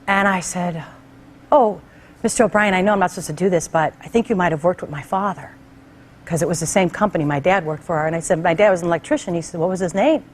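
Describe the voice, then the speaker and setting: A woman's voice: lowish voice, fast talker, a little hiss or hum. A middle-aged woman talk show host telling a heartfelt personal story in a conversational way, acting out the people she quotes. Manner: conversational, animated quoted voices.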